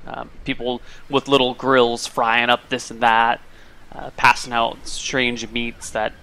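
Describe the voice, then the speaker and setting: A man narrating as game master in a tabletop role-playing game, relaxed and halting, with many fillers. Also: mid-range voice.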